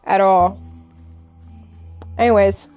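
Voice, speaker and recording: A young adult woman streaming live and chatting with viewers in a candid, earnest way, halting often with fillers and restarts. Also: mid-range voice, steady tone, a little mellow, soft background music. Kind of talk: casual chat with stream viewers.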